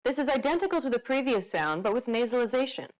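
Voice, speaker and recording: A woman explains pronunciation in clear, scripted lesson narration. Her voice is slightly high, and her intonation rises and falls in a lively way. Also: fast.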